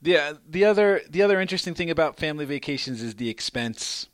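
A middle-aged man co-hosting a casual comedy podcast, telling family stories and acting out quotes with sudden loud jumps. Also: quick pace. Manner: animated, acts out quotes with big pitch jumps. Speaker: podcast co-host.

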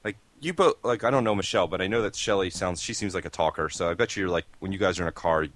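A man's voice: low voice, quick pace, fairly bright tone. A man co-hosting a casual chat, blunt and grumbling, swearing freely. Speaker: podcast co-host.

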